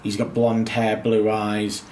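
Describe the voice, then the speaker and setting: A man's voice: lowish voice, completely flat delivery, slow pace, darkish tone, a little hiss or hum. Joking, sarcastic man in casual chat. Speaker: co-host reviewing a TV series.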